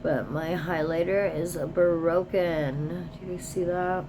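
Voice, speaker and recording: A woman's voice: fairly low pitch, fairly even intonation, slow, noisy background. A woman chatting casually as she unboxes products, reading product descriptions aloud and sometimes dropping to a whisper. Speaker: beauty vlogger.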